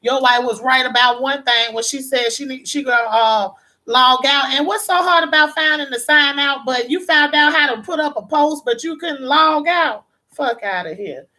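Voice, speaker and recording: Woman, live-stream host, blunt sassy casual talk, high bright voice. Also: normal speed, slight background noise.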